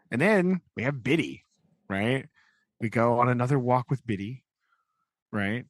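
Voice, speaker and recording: A podcast co-host talks casually about books in a medium-pitched, expressive voice at a slow pace, rambling with lots of "like"s and "right?"s. He acts out quotes in shifting voices, and the recording is dry.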